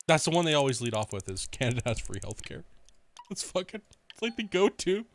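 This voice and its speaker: A man's voice: fairly high pitch, sing-song, brisk, a little hiss or hum. A man streaming a game, chatting casually, swearing and laughing as he rambles through stories. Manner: crude, swearing, laughs often; rambling storyteller with many restarts. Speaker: gaming streamer. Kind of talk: casual live-stream chat.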